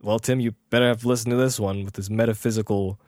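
A man's voice: lowish voice, steady tone, fast talker, darkish tone, dry recording, clean studio sound. A man co-hosting a casual podcast, rambling and self-deprecating, with his voice often trailing off. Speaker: podcast co-host.

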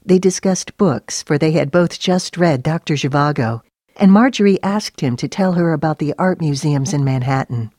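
A woman with a low voice reads a story aloud in a steady, even way. The recording is close and dry, with no room sound. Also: moderate pace, dry recording. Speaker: narrator. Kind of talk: scripted narration.

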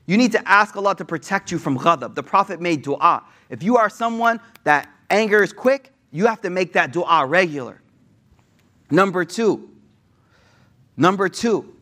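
A man delivers a relaxed sermon. He tells old stories in modern slang and acts out the quotes as he goes. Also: sits high. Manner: slangy, animated retelling with acted quotes. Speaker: Islamic preacher. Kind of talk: casual sermon with storytelling.

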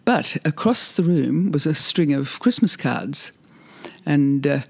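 A man's voice: fairly high pitch, animated, slow, creaky, a little mellow. An older man being interviewed, reminiscing in a rambling, hesitant way with frequent laughs. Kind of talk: reminiscing conversation.

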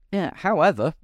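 A man hosting a casual podcast chat, talking in a halting way with many ums and restarts. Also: high-pitched. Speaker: podcast host.

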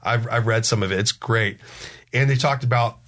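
A man's voice: mid-range voice, fairly bright tone. A man in his forties telling family stories in a casual chat. He rambles, restarts his sentences, and acts out what his family members said. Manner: rambling, halting storyteller who restarts sentences.

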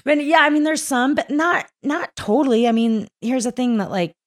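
A woman's voice: high-pitched, moderate pace. Laughing, rambling woman from East Texas. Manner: animated, laughing, rambling storyteller. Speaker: podcast guest, climbing guide. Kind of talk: casual podcast chat. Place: recorded in a mountain town in Colorado.

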